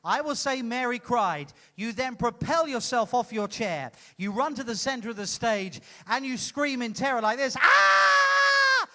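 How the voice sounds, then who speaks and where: Bright high-voiced male comedy host. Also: moderate pace, few pauses. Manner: teasing, playful and loud. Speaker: comedian hosting an audience participation show. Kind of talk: live comedy with audience banter. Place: cruise ship theater stage.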